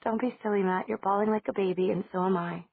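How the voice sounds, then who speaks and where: Teasing young heroine, smug and breathy, read by a woman, over a dry, tinny line. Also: medium pitch, fairly even intonation, fast talker, no echo. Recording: dry, tinny phone-like audio.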